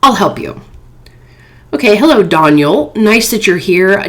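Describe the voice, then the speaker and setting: A woman's voice: mid-range voice, big pitch swings, measured pace. A woman hosting a phone game playthrough, reading chat messages aloud in a playful, chatty way. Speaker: gaming channel host.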